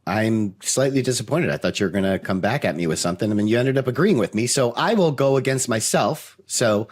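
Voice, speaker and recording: A man's voice: medium pitch, expressive, brisk. A man co-hosting a podcast in casual chat, playful and teasing as he argues points. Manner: playful, teasing, plays devil's advocate. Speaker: podcast co-host.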